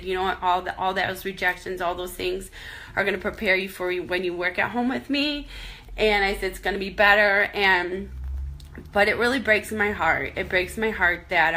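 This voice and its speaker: Woman, vlogger. Tearful and halting, bright voice with some fry. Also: medium pitch. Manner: tearful, halting, many restarts. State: crying at times. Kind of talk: emotional personal vlog.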